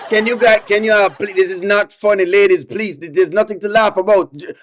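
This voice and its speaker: A man's voice: sits high, fairly even intonation, brisk, hardly any pauses, slight background noise. A man reacting on a live stream, exasperated and pleading with his chat, repeating himself over and over.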